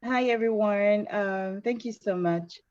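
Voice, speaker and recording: A woman joining a discussion over a video call, polite and measured. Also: medium pitch, a little mellow. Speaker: audience participant. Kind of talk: casual contribution to discussion. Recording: dull lo-fi call audio.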